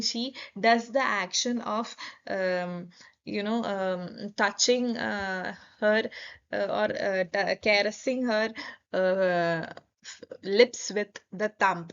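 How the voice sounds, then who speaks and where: A woman's voice: a little high, fairly even intonation, slow. A young woman with an Indian English accent, retelling a film plot in a lecture with many fillers and restarts. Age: young adult. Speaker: student presenter. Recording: dull lo-fi recording.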